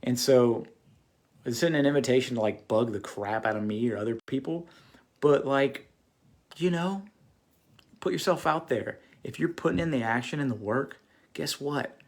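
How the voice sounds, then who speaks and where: A man's voice: medium pitch, moderate pace. A man hosting a casual livestream, talking earnestly to his viewers with many fillers and restarts. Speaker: host of a phone-flipping channel.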